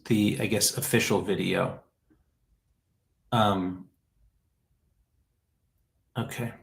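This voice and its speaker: A man hosting a laid-back chat, his voice sitting a little low and his delivery unhurried. He rambles warmly, pausing, trailing off and circling back as he shares something that moves him. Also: creaky, poor audio. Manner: rambling and heartfelt, trailing off and restarting. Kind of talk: casual chat.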